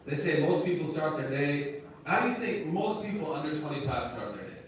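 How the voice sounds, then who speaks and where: The recording is echoey and distant, taken in a university lecture room where a man who is an imam talks informally to students. His voice runs a little high and sing-song, a bit fast, and he uses slang and rhetorical questions in a direct, conversational style.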